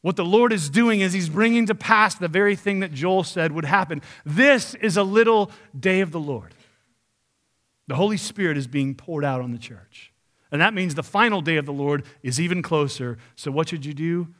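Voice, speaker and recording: A man preaching a sermon, reading scripture and paraphrasing it in an emphatic, animated way. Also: fairly high pitch, normal speed.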